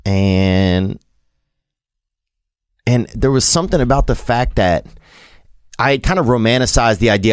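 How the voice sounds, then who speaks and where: A man's voice: medium pitch, animated, measured pace, pauses often, smooth, dry recording, clean studio sound. A man in his thirties with a Southern American accent, telling a rambling, self-deprecating story in a casual monologue.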